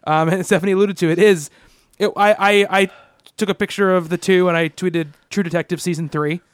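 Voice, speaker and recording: A man's voice: sits high, steady tone, a little fast, dry recording. A man co-hosting a casual comic book podcast, rambling through his points with many restarts. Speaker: podcast co-host.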